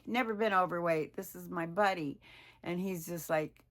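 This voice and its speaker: A woman's voice: lowish voice, moderate pace. A woman in her sixties talking candidly in a personal vlog, reflective and rambling, sometimes dropping to a whisper. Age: 60s. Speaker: weight loss vlogger.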